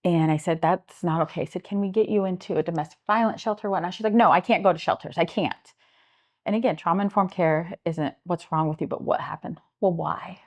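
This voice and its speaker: A woman's voice: fairly low pitch, quick pace, few pauses. A middle-aged woman with a Midwestern American accent, a homeless services director telling stories earnestly in an interview, acting out the people she quotes. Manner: earnest, animated retelling with acted-out quotes. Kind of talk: interview storytelling.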